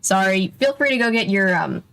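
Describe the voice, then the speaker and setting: A woman's voice: medium pitch, animated, normal speed, gravelly, a bit bright, clean tone. A woman in her twenties hosting a casual read-aloud stream at home, chatty and self-interrupting, laughing often as she reads. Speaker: channel host. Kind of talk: casual reading with live chat.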